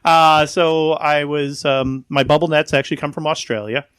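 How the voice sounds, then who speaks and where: A man from Florida, a magician and balloon artist, telling stories as a podcast guest. He is animated, acts out the dialogue and laughs often. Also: on the high side, moderate pace, smooth, no room sound. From Florida, USA. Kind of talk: casual podcast conversation.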